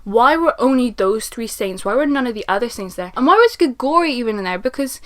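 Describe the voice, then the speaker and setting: Young woman, casual book review, chatty, laughs a lot, fairly high voice. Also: brisk. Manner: chatty and animated, laughs often, with frequent "like" and hedging.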